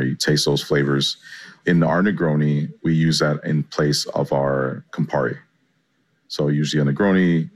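A man, a chef, giving chatty and enthusiastic answers in an interview. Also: rumbling low. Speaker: chef and guest.

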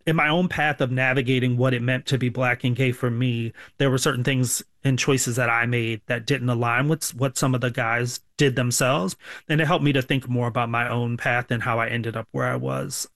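A man from the US answering interview questions as a sociology professor, thoughtful and measured, sometimes restarting phrases. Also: medium pitch, steady tone, fairly bright tone, no echo, studio quality.

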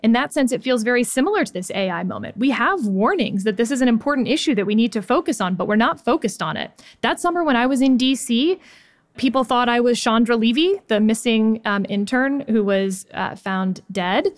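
A woman in her forties from Texas, co-hosting and talking candidly in an animated conversational discussion. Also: on the high side, a little fast, dry recording. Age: 40s. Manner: animated, candid, chatty with many fillers. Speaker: podcast co-host.

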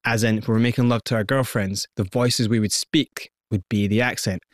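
A Scottish man, a guest in an interview, telling his story in a lively way and acting out quoted lines. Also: on the low side, fairly quick, no echo. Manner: lively, animated storyteller who acts out quotes.

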